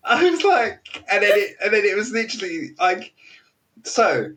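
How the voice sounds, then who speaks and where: A young British man, a podcast host, telling an animated story in casual chat, laughing often and restarting his sentences. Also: sits high, unhurried, distant mic, a little hiss or hum. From Britain.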